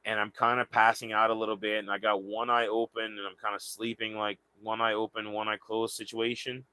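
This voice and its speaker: A man's voice: fairly low pitch, level tone, fairly quick, bright, forceful tone, smooth, no echo. A young man from the American South telling a casual, rambling story, often repeating words as he goes. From Southern United States. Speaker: vlogger.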